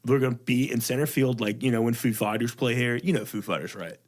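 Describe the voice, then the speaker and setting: A young adult man hosting a comedy podcast, telling stories with animated, mock-outraged jokes. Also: mid-range voice, fast. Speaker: podcast host.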